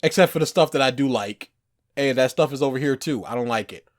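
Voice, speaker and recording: A man's voice: medium pitch, fast. A man co-hosting a podcast, talking in an emphatic, rambling way in casual chat. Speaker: podcast co-host.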